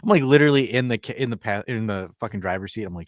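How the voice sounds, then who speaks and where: A man's voice: on the low side, rapid-fire, no echo, studio quality. A man co-hosting a podcast in casual chat, telling stories with lots of swearing and acted-out quotes. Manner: profane, animated storytelling with acted-out quotes. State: injured foot, on a crutch. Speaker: podcast co-host.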